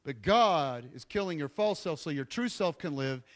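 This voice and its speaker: A man's voice: fairly high pitch, lively intonation, moderate pace. A middle-aged man preaching a sermon, telling a story with jokey asides and acting out what people said. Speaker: pastor.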